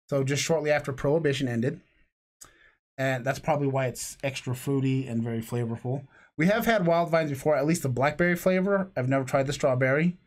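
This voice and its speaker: A man co-hosting a casual podcast, rambling through jokes and tangents and laughing often. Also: fairly high pitch. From lived in Florida. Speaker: podcast co-host. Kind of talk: casual chat.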